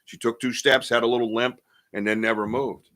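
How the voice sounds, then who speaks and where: A man's voice: mid-range voice, steady tone, brisk, a bit bright. A man in his fifties hosting a podcast, telling a personal story in a casual way and acting out what people said. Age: 50s. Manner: vivid storyteller who acts out what people said. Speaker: podcast host.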